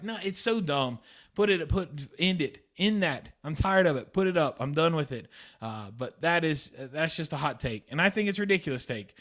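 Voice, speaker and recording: A young man hosts a solo sports podcast, his voice sitting a little high for a man. He talks in a heated, exasperated rush and circles back over the same points again and again. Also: fairly bright tone. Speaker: podcast host.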